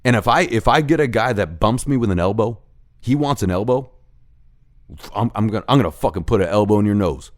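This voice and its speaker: A low-voiced man in a heated, profane rant, his pitch swinging widely as he fires off complaints. He acts out little exchanges in between, then pushes his point harder. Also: brisk. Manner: animated, profane, heated ranting with mimicked dialogue. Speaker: host of a rant show. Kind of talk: ranting monologue.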